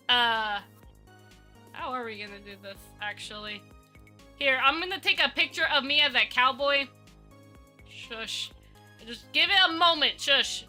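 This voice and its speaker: A woman's voice: high voice, pushed and bright. A woman live-streaming, rambling playfully and talking to herself while she works on a 3D model. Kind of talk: casual live-stream chat.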